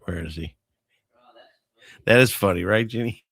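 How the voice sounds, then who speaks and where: A man's voice: fairly low pitch, unhurried, creaky, heavy background noise. A man hosting a show in casual livestream chat, rambling and chuckling as he talks to his wife off-mic. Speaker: host.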